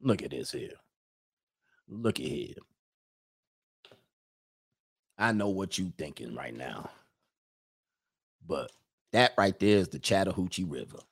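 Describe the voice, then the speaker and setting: A man voicing a menacing older male sheriff with a slow, low Mississippi drawl. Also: very animated, vocal fry, husky, full character voice. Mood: threatening.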